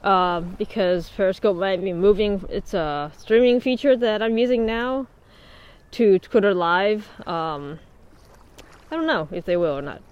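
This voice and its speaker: A clean, medium-pitched voice moves a little slowly, and the highs are cut off. The speaker streams casually from a winter beach, laughing often and answering comments, with the mic tucked into a bundled hood and wind in the background.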